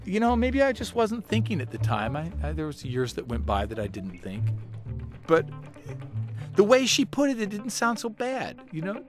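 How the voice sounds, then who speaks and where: A man telling a first-person story in an animated, wry way. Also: high-pitched, moderate pace, music in the background.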